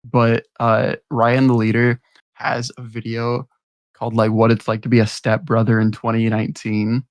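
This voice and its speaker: A man's voice: mid-range voice, little pitch movement, normal speed, no echo. A young man co-hosting a podcast, telling crude stories in a rambling, laughing way. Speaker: podcast co-host. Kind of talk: casual chat.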